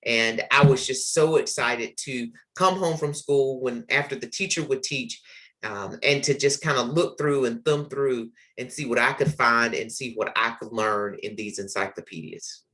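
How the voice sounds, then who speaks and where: A man's voice: mid-range voice, moderate pace, bright, forceful tone. A man in his forties, hosting a literacy podcast, earnestly tells personal stories with the odd filler word. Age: 40s. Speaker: podcast host, literacy educator. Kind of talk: reflective personal storytelling.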